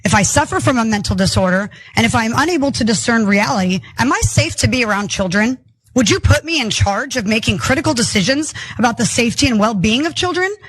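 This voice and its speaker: Brief: a deliberate woman speaker, steady and pointed. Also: fairly high pitch, breathy edge, low-quality recording. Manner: deliberate, rhetorical questioning.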